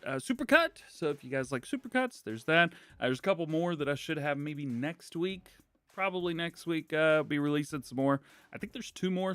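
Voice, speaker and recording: A man's voice: mid-range voice, fairly bright tone, no echo. A man hosting a casual gaming news livestream, rambling, laughing often and apologizing to chat. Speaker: livestream host.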